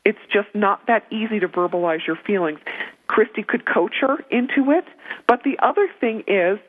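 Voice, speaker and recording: A woman giving parenting advice on a talk show, earnest and emphatic, often repeating her key points. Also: medium pitch. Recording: narrow phone-line sound.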